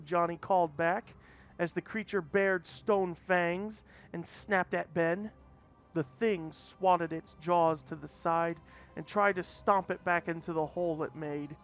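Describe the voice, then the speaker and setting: A man's voice: sits high, unhurried, a bit bright. A man reading a story aloud in a casual way, often restarting mid-phrase. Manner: plain reading with frequent restarts. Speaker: story reader. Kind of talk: casual read-aloud narration. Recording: dull lo-fi audio, faint music.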